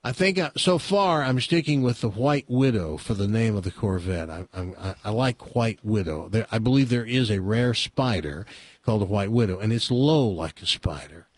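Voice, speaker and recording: A man's voice: fairly low pitch, expressive, moderate pace. A man hosting casual radio banter, jokey and playful. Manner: jokey, playful, rhymes quips. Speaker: radio host.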